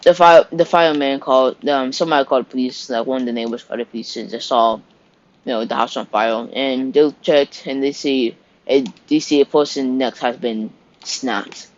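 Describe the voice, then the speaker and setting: A man's voice: mid-range voice, fairly even intonation, normal speed. A man narrating an improvised fan story in a loose, rambling way. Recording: dull lo-fi recording.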